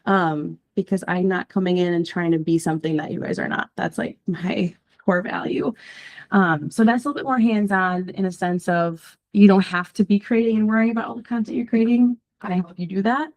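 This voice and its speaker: A woman's voice: medium pitch, brisk, darkish tone. Woman, social media presenter, bubbly, chatty, filler-heavy, a little nervous, small group session. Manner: bubbly and chatty, many ums and likes; nervous first-time speaker. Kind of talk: casual talk to a small group.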